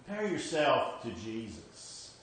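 A man's voice: mid-range voice, big pitch swings, slow, a bit bright, slight background noise. A man preaching a sermon, emphatic, repeating his points and often checking in with "okay?". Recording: very echoey hall with faint ambience.

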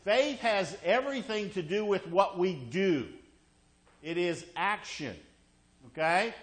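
A man's voice: high voice, lively intonation, slow pace, fairly bright tone. A man preaching a sermon, emphatic and repetitive, often checking in with listeners by asking "okay?". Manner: emphatic, repeats key words. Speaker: pastor.

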